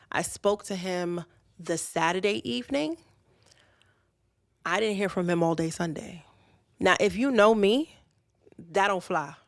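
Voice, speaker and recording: Speaking straight to her audience, a young podcast host shares a personal story in a candid, conversational, chatty way. Her voice is fairly low and gravelly, recorded at studio quality with no room sound.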